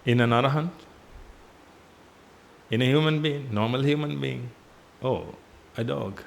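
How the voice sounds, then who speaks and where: Gravelly-voiced man preaching a sermon. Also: mid-range voice, a little slow, slight background noise. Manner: repetitive, emphatic teaching with rhetorical questions; drops his voice on "ladies and gentlemen". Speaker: Buddhist monk giving a sermon. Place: temple hall.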